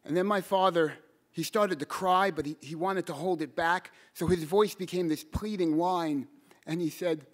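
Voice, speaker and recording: High-voiced man telling a true story. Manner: earnest, halting repeats, bursts into shouted quotes. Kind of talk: live personal storytelling. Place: storytelling stage event.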